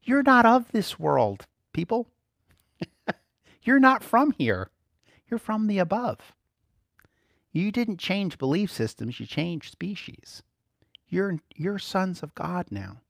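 A man preaching a sermon in an animated, playful way, often laughing between points. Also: high voice, slow, creaky, pauses often, no echo, studio quality.

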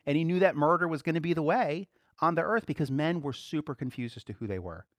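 A man's voice: fairly high pitch, quick pace, no echo, clean studio sound. A man preaching a casual, conversational sermon, chuckling now and then and acting out quoted voices.

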